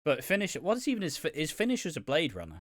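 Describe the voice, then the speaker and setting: A man's voice: on the high side, huge pitch swings, quick pace, no echo, clean studio sound. A man co-hosting a wrestling podcast, chatting casually, swearing freely and laughing often. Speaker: podcast co-host. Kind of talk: casual wrestling review chat.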